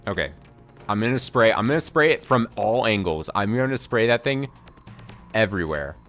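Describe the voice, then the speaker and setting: A man's voice: fairly low pitch, lively intonation, normal speed, fairly bright tone, soft background music. A man streaming a game live, commenting to himself in an exasperated way and swearing as he plays.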